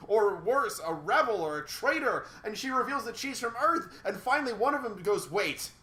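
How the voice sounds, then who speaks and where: Sarcastic, ranting man with a bright voice. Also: high voice, lively intonation, moderate pace, echoey room. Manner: sarcastic, exasperated, swears freely. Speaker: podcast co-host reviewer. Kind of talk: casual ranting review chat.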